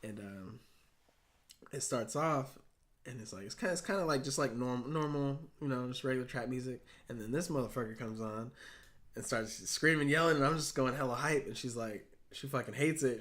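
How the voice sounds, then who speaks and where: A man's voice: mid-range voice, fairly quick, a bit bright. Laid-back slangy young man. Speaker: podcast co-host. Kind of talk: casual chat.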